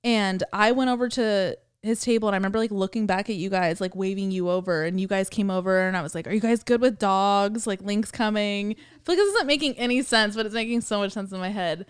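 A young woman on a podcast, talking in long rambling runs full of "like" and swearing and slipping into voices for the people she quotes. Her voice is smooth and clear, and the sound is close and dry. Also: mid-range voice, fast talker, hardly any pauses, no room sound. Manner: rambling storytelling with many fillers and swearing. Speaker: podcast co-host. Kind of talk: casual chat.

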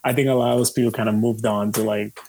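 A musician being interviewed, talking in a loose, rambling way with lots of fillers, swearing and easy laughs. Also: male voice, fairly low pitch, level tone, fast, darkish tone, a little hiss or hum. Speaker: musician guest. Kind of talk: casual conversation.

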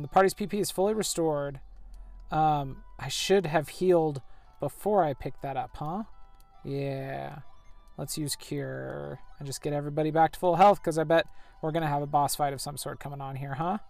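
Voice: mid-range voice, creaky, a little mellow, no echo. A player casually narrating a story game, describing the action and reading the characters' lines aloud. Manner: chatty, narrates actions, voices characters loosely. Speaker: gameplay narrator.

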